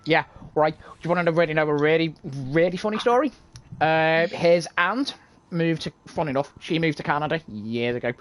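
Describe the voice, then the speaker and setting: A speaker in a casual gaming chat, chatty and quick with jokey asides. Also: medium pitch, slight background noise.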